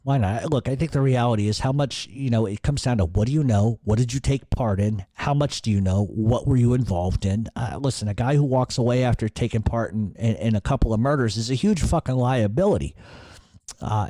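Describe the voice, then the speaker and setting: A middle-aged man hosts a casual Q&A show. He talks bluntly and swears freely, often breaking into rants. His voice is dark and mellow, and it is recorded dry and close to the mic. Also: medium pitch, dry recording. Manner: blunt, profane and ranting. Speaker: podcast host. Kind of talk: casual radio Q&A.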